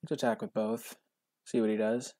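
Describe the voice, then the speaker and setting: A man hosting his gaming channel, giving casual commentary on a card game in a wry, self-mocking way with sudden excited outbursts. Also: fairly low pitch, normal speed, no room sound, studio quality.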